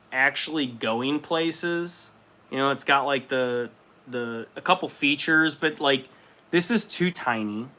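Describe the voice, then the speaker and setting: Bright-voiced young man chatting casually. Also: on the high side. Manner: laid-back, swears freely, laughs often. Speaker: livestream host. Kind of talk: casual chat reading viewer comments.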